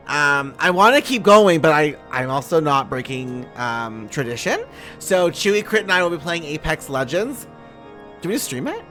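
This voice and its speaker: A bubbly young woman chatting casually on a live game stream, playful and giggly with a swear here and there. Her pitch bounces animatedly from high to low. Faint game music runs underneath. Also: a bit bright. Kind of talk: casual live-stream chat while gaming.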